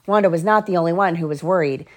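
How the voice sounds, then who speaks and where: Mom reading a picture book aloud. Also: female voice, on the low side. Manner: slow, clear read-aloud with side remarks to kids. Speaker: mother reading to her children.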